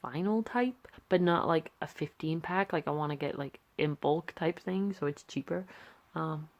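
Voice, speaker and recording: Sleepy rambling young woman, low voice. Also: normal speed, a little mellow, dull audio. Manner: rambling, self-deprecating, many fillers. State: sleepy, yawning. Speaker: artist vlogger. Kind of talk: casual sketchbook tour chat.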